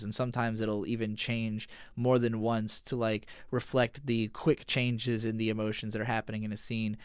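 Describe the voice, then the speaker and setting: Male podcast host with a smooth, resonant voice; relaxed, chatty recapper who swears now and then. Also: medium pitch, no echo, studio quality. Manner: casual, profane, retells scenes with quick paraphrased dialogue. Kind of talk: casual episode recap and analysis.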